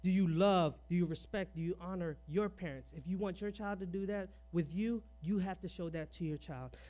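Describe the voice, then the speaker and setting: A man with a notably high voice delivers a conversational sermon. He keeps asking the congregation pointed rhetorical questions and peppers his points with "all right." His tone is earnest and personal rather than formal. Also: normal speed, warm tone. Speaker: preacher.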